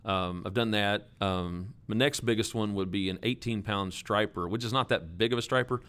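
Low, smooth-voiced man chatting. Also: moderate pace. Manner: relaxed, filler-heavy. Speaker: guest minister. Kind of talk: casual interview chat.

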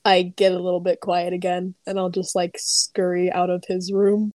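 A woman playing a tabletop game, chatty and quick to giggle. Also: on the low side, flat delivery, a little mellow, no echo. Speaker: player.

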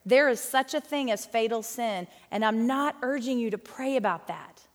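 A middle-aged woman teaching a Bible study in a chatty, folksy, animated way. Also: a little high, normal speed, big-room sound.

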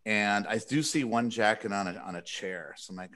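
A man's voice: on the low side, animated, fairly quick, a bit bright. A man from California hosting a podcast, telling a story in a rambling, self-deprecating way and laughing often. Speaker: podcast host. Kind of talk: casual storytelling among friends.

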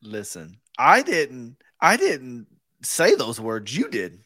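A man's voice: mid-range voice, wildly swooping pitch, slow pace, pushed and bright, no echo, studio quality. A man co-hosting a casual podcast, talking in a joking, indignant way. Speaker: podcast co-host. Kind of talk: casual chat.

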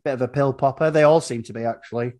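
A man's voice: mid-range voice, fast, darkish tone. Wry man recapping a film. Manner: rambling, wry, swears freely. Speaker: podcast host. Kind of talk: casual film recap chat.

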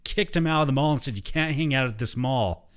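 Dude with a plain voice, dry dark jokes, chatting loose. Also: male voice, medium pitch, fairly quick. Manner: blunt, dark deadpan jokes. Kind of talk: casual comedic banter.

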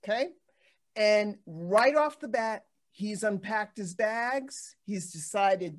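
A woman hosting a casual talk show, telling stories in an animated way with many restarts and fillers. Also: mid-range voice, takes it slowly. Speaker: podcast host. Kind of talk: casual chat.

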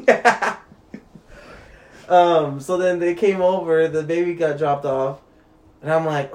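A man's voice: on the high side, steady tone, slow, long pauses. A young man casually telling a story, swearing freely and laughing as he talks. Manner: laid-back, swears freely, laughs through his story.

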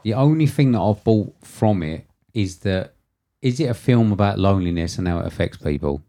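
A man's voice: low-pitched, expressive, brisk, mellow. A man co-hosting a casual film review podcast, chatty and laid-back, with lots of fillers. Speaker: podcast co-host.

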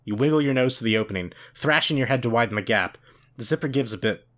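A man co-hosting a podcast, reading a book aloud with expressive narration and laughing banter. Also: medium pitch, fast. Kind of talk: dramatic read-aloud with banter.

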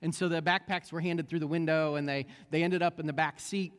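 A pastor preaches a sermon, telling his story in a halting way full of ums and restarts. His male voice sits a little high. A long reverb trails behind him in the hall. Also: steady tone, clean tone. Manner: storytelling with many fillers and restarts.

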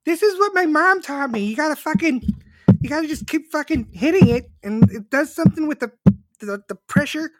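A man putting on the voice of a stubborn, insistent woman in a mocking high falsetto. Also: animated, a little fast, dry recording, rough recording. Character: shrill stubborn woman beating a jar.

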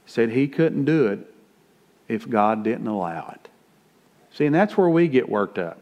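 A man's voice: medium pitch, sing-song, unhurried, highs cut off. Folksy middle-aged preacher man. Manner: folksy, plain-spoken preaching with rising emphasis. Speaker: pastor. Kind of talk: conversational sermon.

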